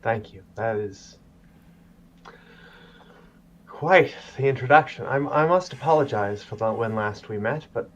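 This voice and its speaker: A man's voice: mid-range voice, measured pace, pauses often, lo-fi sound, a little hiss or hum, close to an everyday voice. A man voicing a dry, formal aristocratic husband in a tabletop role-play.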